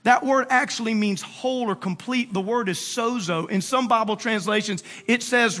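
A man preaching a casual, slangy sermon, retelling a Bible story with animated acted-out quotes. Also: extremely high pitch, moderate pace, few pauses. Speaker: pastor.

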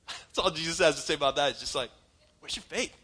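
A man's voice: on the high side, fairly quick, pushed and bright. A man preaching a sermon in an emphatic, conversational way, laughing now and then as he talks to his congregation. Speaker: pastor.

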